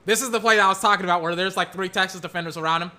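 A young man chatting about football while watching game clips, rambling and excitable, breaking into mock play-by-play calls. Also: high-pitched, racing.

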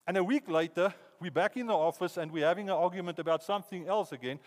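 A man with a South African accent preaching a sermon through animated, lively storytelling. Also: high-pitched, fast talker, few pauses. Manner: animated storytelling, hypothetical anecdotes. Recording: long reverb in a hall.

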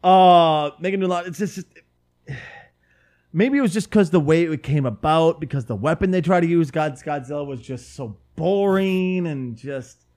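Animated profane man, higher voice. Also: moderate pace. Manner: animated, profane, self-mocking. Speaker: podcast co-host. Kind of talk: casual chat.

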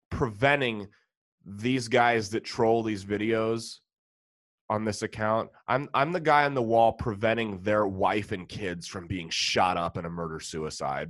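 A man's voice: fairly low pitch, fairly bright tone, dry recording. A man with an American accent, a stand-up comedian delivering a profane, sarcastic rant.

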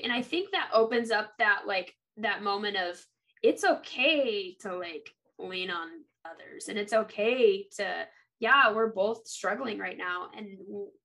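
A woman co-hosting a podcast, talking casually about a book and getting heated, with some swearing. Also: medium pitch. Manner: animated, ranting, swears when heated. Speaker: podcast co-host.

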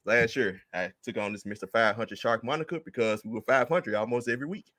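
A man's voice: medium pitch, fairly quick, a bit bright, no echo, studio quality. A man hosting a sports podcast, easygoing and laughing often as he moves the talk along. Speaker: podcast host. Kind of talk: casual sports podcast chat.

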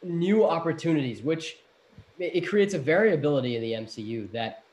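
A man co-hosting a casual podcast chat, animated and playful, restarting his sentences often. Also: fairly high pitch, a little fast. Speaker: podcast co-host.

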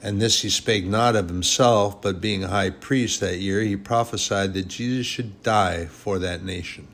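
A man preaching a sermon with emphatic delivery, swinging between hushed and raised passages. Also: lowish voice, measured pace.

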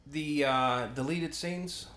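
A man co-hosting a podcast, casually commenting on a film as he watches, talking in halting stops and restarts. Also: a little high, pushed and bright. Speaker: podcast co-host. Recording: roomy echo, faint noise.

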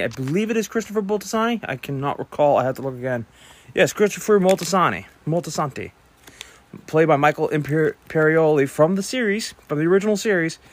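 A young adult man hosting a podcast, giving a casual, rambling movie review with frequent restarts. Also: on the high side. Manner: rambling, chatty, with self-corrections and restarts. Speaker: podcast host. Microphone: podcast microphone.

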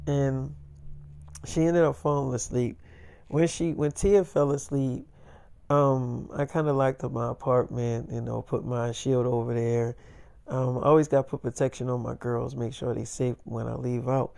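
A man's voice: mid-range voice, little pitch movement, normal speed, gravelly, mellow. A man telling a rambling first-person story in a casual, profane way.

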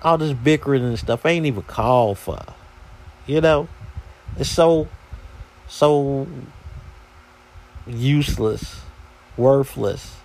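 A man's voice: mid-range voice, takes it slowly, pauses often, a little mellow. A man hosting a podcast, telling a story in a casual, slangy, exasperated way. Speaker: podcast host.

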